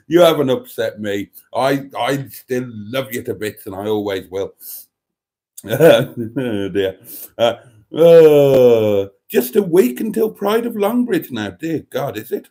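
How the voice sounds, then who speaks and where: Male live streamer, medium pitch, wry rambling chat read-out with lots of fillers. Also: lively intonation, a little slow, a little mellow. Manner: wry and rambling, many hesitations and chuckles. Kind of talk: casual live stream chat, reading out viewer comments.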